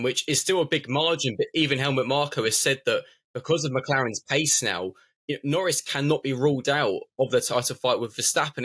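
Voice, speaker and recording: A man hosting a motorsport news update, presenting headlines in a brisk, informative way and then chatting with a co-host. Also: medium pitch, fairly bright tone. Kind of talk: news-style presenting and casual chat.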